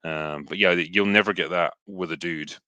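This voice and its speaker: A man's voice: deep voice, steady tone, normal speed, pushed and bright, dry recording, dull audio. A Scottish man in his thirties hosting a casual livestream, reading superchats into a headset with lots of fillers and dry, sarcastic humor. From Scotland.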